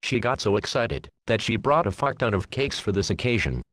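Here is a chatty storybook woman who states things plainly, read by a man without much change of voice. The delivery is lowish. The sound is close and dry. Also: sing-song, fairly quick, a bit bright, no room sound. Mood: matter-of-fact. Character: chatty female cake-bringing storybook character.

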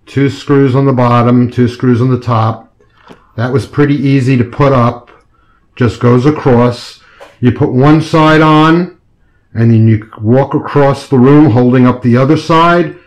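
A man's voice: medium pitch, measured pace, darkish tone. Chatty man narrating a home install. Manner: chatty, self-mocking, explains each step as he works. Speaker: do-it-yourself video maker. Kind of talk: casual narration while working. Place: indoor room being set up as a studio. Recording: roomy echo, faint background noise.

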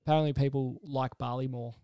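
A man's voice: medium pitch, fast, clean tone, dry recording. Young man telling a story. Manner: animated storyteller, swears freely. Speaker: podcast co-host. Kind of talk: casual chat.

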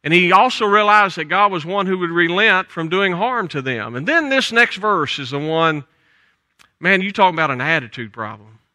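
A man's voice: high voice, expressive, normal speed, no room sound. An older man with a Southern US accent preaching a folksy, conversational sermon in church. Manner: folksy, conversational preaching with soft trailing endings. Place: church sanctuary.

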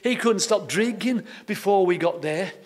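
A high-voiced man preaching a sermon in an easy storytelling manner. He often repeats his words as he goes. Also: normal speed. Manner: homely, anecdotal, repeats words. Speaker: pastor.

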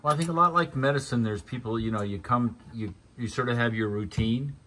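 A man's voice: mid-range voice, brisk, noisy background. A man chatting and joking while watching a car repair in a garage. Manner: joking, chatty, asks questions. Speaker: channel host filming car repair. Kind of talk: casual chat in a garage. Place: garage or driveway, working on a car.

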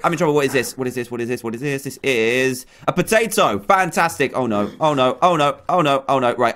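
A man giving excitable let's-play commentary, yelping and shrieking when threatened. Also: mid-range voice, quick pace, few pauses. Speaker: gaming YouTuber.

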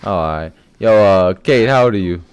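A man's voice: sits low, expressive, moderate pace, clear, resonant tone. Brash trash-talking man on game voice chat. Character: boastful rich penguin flirt. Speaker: gaming video host. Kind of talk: in-game voice chat role-play.

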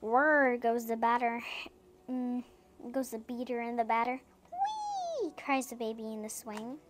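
High-voiced woman reading storybooks aloud. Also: normal speed, noisy background. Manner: animated, sing-song sound words. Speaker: reading picture books aloud. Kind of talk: storybook read-aloud with casual chat.

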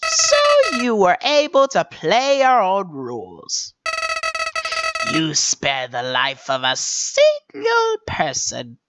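A woman voicing a mocking, cruel flower villain in a game, her voice swinging wildly from high to low over game music. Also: wildly swooping pitch, slow, heavily acted. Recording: game music playing behind.

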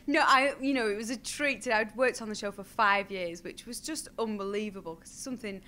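An actress chatting as a guest in an interview, animated and laughing often. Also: female voice, mid-range voice, a little fast, slight background noise. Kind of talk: casual chat.

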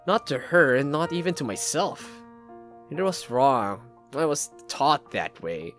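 A man's voice: on the high side, big pitch swings, measured pace, fairly bright tone, soft background music. Man reading a game's narration. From Philippines. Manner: dramatic, reads text aloud with asides and laughs. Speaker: let's play gamer. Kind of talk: reading game narration aloud with commentary.

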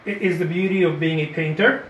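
A man's voice: on the high side, steady tone, brisk, highs cut off, a little hiss or hum. A man giving a live painting lesson, chatty and encouraging, repeating his points and often asking "okay?". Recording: roomy echo.

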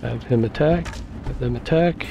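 A man's voice: mid-range voice, normal speed, gravelly, muffled recording, over music. A man casually commenting on his own gameplay, thinking aloud with fillers, and losing his voice. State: losing his voice, clearing throat. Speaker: gameplay video host.

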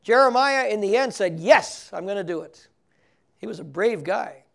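Older man, priest, high-pitched, gravelly, teaching scripture, frequent chuckles. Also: lively intonation, moderate pace. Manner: chuckles often, reads scripture aloud, asks the audience questions. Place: recorded for television broadcast.

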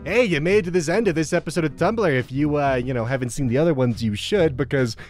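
A man's voice: on the high side, fast talker, faint music behind. An American man hosting, reading funny posts aloud in a casual comedic way, often breaking into laughter.

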